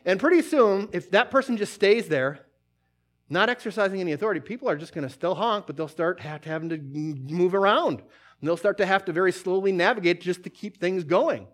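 A man's voice: sits high, brisk. A man preaching a sermon, quoting scripture and acting out little scenes as he goes. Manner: animated storytelling, acts out scenes, quotes scripture.

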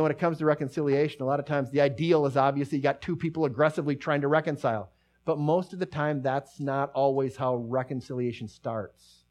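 Delivering a sermon, a middle-aged pastor with a mid-range voice talks conversationally, frequently restarting his sentences and lowering to a hush to stress points.

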